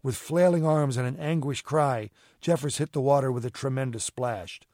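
Man narrating a story, steady. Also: medium pitch, normal speed, no echo, clean studio sound. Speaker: audiobook reader. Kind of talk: scripted narration.

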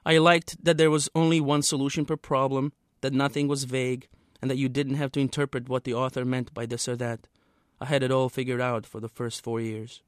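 A man, the author, reading a passage from his own novel aloud in a steady, measured way. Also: medium pitch, clean tone, no room sound, studio quality.

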